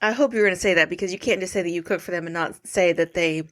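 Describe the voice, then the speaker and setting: A woman's voice: on the low side, rapid-fire, a bit bright. A woman co-hosting a comedy podcast, teasing her co-host and reading out facts and reviews. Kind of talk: casual comedic chat.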